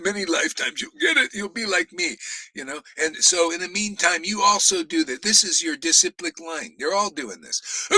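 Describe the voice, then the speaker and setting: High, sharp-voiced man preaching fiercely. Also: animated, moderate pace, husky, no echo, low-quality recording. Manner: profane, scolding, laughs and shouts often. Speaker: spiritual teacher leading a class. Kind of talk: fiery profane sermon. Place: outdoors in a desert.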